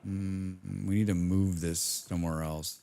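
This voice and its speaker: A man's voice: deep voice, little pitch movement, measured pace, creaky, dark tone. A man streaming a building game, chatting casually with viewers, rambling, humming and muttering to himself, with the odd casual swear. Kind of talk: casual live-stream chat while playing.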